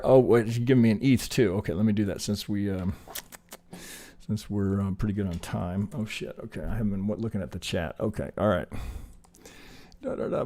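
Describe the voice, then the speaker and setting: On a live trading stream, a man runs through chart counts in a loose, casual teaching style, occasionally cursing and growing excited. His pitch is fairly low, a little mellow, with vocal fry.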